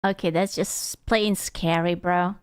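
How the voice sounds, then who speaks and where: A woman streamer giving animated, blunt reaction commentary, swearing freely. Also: fairly low pitch, takes it slowly, clean tone, no echo. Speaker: VTuber streamer reacting to a clip.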